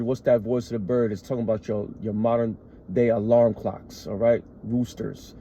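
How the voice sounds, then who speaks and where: A man's voice: lowish voice, little pitch movement, moderate pace, warm tone, breathy edge, highs cut off. A man teaching scripture in an emphatic way. He reads verses aloud, then explains them, often adding "all right" and "man". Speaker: street preacher.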